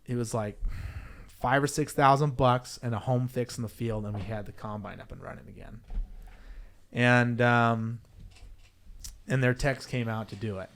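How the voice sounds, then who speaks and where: A young adult man, a podcast guest, tells a story casually in an animated, rambling way, restarting and correcting himself. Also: mid-range voice, moderate pace, pauses often.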